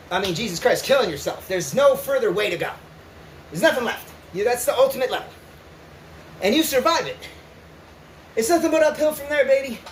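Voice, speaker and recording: Male vlogger, very high voice, roomy sound; rambling, swearing, chatty. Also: fairly bright tone. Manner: profane, rambling, keeps asking "right?"; breaks into laughs. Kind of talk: casual storytelling to viewers. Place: indoors, riding an exercise bike. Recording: roomy echo with faint noise.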